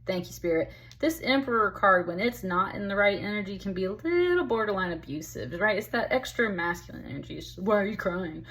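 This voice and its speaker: A woman gives a tarot reading in a loose, conversational way, speaking straight to the listener. She is emphatic and chatty, with a voice of ordinary pitch for a woman. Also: very animated, a little fast, hardly any pauses, fairly bright tone. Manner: chatty, emphatic, calls the listener honey and baby. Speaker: tarot reader.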